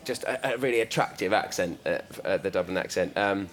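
A man's voice: low voice, fairly quick. A man, an actor, answering questions at a live panel, hesitant and self-deprecating, with frequent restarts. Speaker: actor and film star. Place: live panel event in a store.

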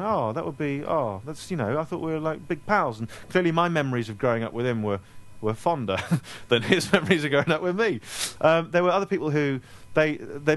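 A man from Scotland, an author answering audience questions in a casual Q&A, joking and self-deprecating with rambling asides, speaking into a handheld microphone. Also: fairly high pitch. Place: store event space with a live audience.

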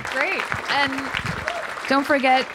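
A woman moderating an event, thanking the audience and wrapping up in an upbeat, brisk way. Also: sits high, steady tone, over a noisy crowd, very noisy. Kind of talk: closing remarks to an audience.

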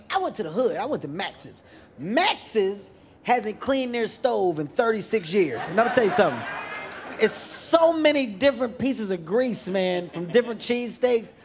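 Animated comedian from Philadelphia. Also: male voice, sits high. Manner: animated, emphatic storytelling. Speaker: comedian guest. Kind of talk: moderated Q&A discussion. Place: live venue with audience.

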